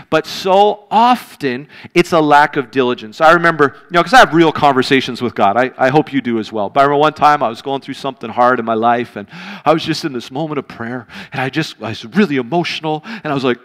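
A pastor in his thirties preaches a sermon in a brisk, slightly bright voice that sits a little high for a man. Earnest and direct, he talks conversationally to the congregation and builds his points with rising force. A long reverb tail suggests a large church hall.

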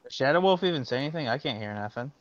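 A man's voice: medium pitch, lively intonation, racing, soft background music. A man chatting casually while gaming with friends, stubbornly insisting on his opinions. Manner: argumentative, insistent. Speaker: friend playing along. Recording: dull lo-fi mic with faint hiss.

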